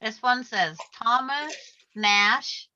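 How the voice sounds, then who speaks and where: A woman's voice: fairly high pitch, slow, bright, forceful tone, a little hiss or hum. An older woman hosting a craft video, chatting casually over a video call and telling stories while she works. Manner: chatty, storytelling, laughs easily. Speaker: craft channel host. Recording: muffled video call audio.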